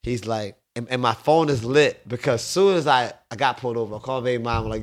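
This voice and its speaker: A man's voice: mid-range voice, quick pace, hardly any pauses, a bit bright. Man, laid-back streetwise storyteller, podcast studio. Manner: laid-back, streetwise, laughs while telling stories. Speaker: bar owner guest. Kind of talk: casual storytelling.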